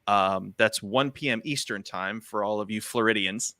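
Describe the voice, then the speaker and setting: A man hosting a casual livestream chat, rambling through shout-outs and channel plugs with loose fillers. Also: on the low side, moderate pace, no room sound. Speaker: host.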